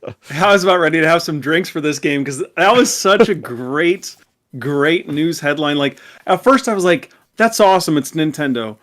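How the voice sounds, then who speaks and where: A man co-hosting a fan podcast, telling an excited, rambling story in casual chat. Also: a little high, moderate pace. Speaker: podcast co-host.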